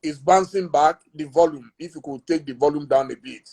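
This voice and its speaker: A man leads a relaxed live-stream conversation, chatty and ready with an anecdote. His voice sits high for a man and carries a gravelly rasp. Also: moderate pace. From Nigeria. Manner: chatty, tells a joke with a chuckle. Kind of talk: casual live chat.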